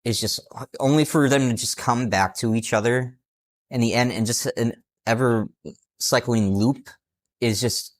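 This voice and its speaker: Young guy on a film podcast, earnest and thoughtful, mid pitch, dry sound. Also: steady tone, unhurried, no room sound. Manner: earnest, reflective about films. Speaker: podcast co-host. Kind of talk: casual chat.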